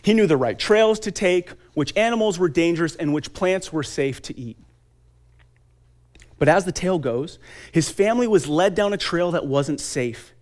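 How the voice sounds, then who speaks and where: A man's voice: on the high side, animated, darkish tone. Earnest man giving a stage talk. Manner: earnest, with dramatic pauses and emphatic lists. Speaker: speaker at a conference talk.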